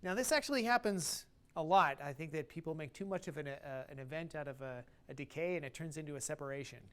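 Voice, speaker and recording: A man's voice: on the high side, quick pace, fairly bright tone, clean tone. A man teaching a brass master class, singing rhythms aloud on syllables to show phrasing. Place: concert hall stage.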